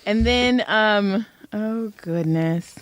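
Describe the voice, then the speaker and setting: Speaking extremely slowly at a medium pitch, this woman in her thirties co-hosts a podcast, animated and laughing a lot as she shares stories in relaxed conversation. There's no room sound, and the audio is studio quality.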